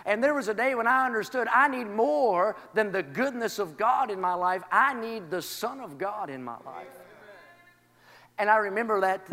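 High bright-voiced preacher in a reverberant hall. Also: male voice. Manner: builds from quiet testimony to shouted, rhythmic praise. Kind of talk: sermon. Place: church. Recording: long reverb of a large hall. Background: congregation responding.

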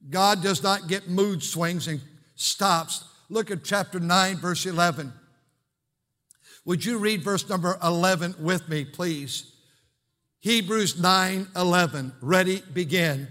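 An older man, a pastor preaching a sermon in his church, swinging between shouted preaching and quiet, hushed storytelling. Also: high voice, slow. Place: church sanctuary. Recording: long reverb of a church hall.

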